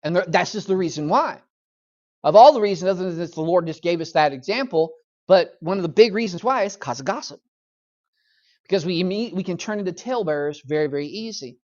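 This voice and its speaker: A man's voice: sits high, lively intonation, a little fast, darkish tone, lo-fi sound. Pastor teaching, a man repeating "okay?". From United States. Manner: conversational, repeats "okay?", acts out voices. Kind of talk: Bible study sermon. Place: church.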